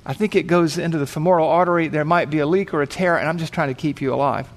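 A man voicing a calm, patient female paramedic reassuring an injured man. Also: a little high, quick pace, close to an everyday voice.

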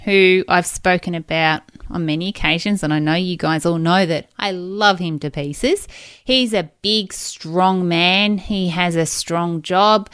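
A woman in her forties talks through her own stories on a podcast, open and emotional, circling back as she goes. Her voice is smooth and clear, her pace unhurried. The recording is dry and close, with no room sound around her. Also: lowish voice, fairly bright tone, no echo. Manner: candid, emotional, rambling storytelling. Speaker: podcast host. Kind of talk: personal podcast monologue.

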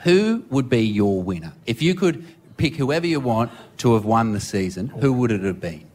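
A man's voice: mid-range voice, sing-song, moderate pace, a little mellow. Joking Australian man hosting radio. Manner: joking, running a game. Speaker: radio co-host. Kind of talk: live radio banter.

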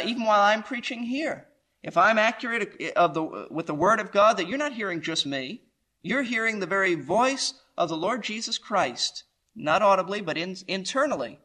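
Pastor guy preaching, bright high voice, really emphatic, goes up and down a lot. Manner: emphatic, rising and falling preaching delivery. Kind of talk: verse-by-verse sermon.

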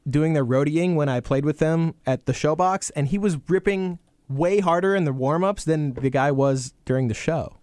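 A man's voice: a little high, normal speed, a little mellow, no echo, clean studio sound. A man who plays in bands, co-hosting a casual podcast in an easygoing, rambling way with jokey asides. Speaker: podcast co-host, musician. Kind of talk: casual chat.

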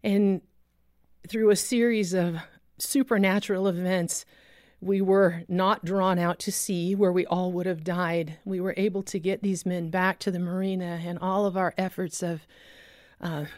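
A woman telling a dramatic faith testimony as a preacher, intense and vivid, dropping low and quiet at solemn moments. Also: dry recording, clean studio sound.

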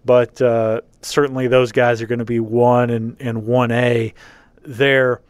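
Halting man hosting a sports podcast. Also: mid-range voice, level tone, clean tone, no echo. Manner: halting, many fillers and restarts. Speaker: podcast host. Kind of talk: casual sports podcast chat.

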